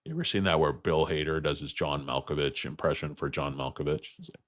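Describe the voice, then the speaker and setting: A man hosting a stock market livestream, ranting bluntly and profanely while answering chat, with loud outbursts and low muttered asides. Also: fairly quick, dry recording, clean studio sound.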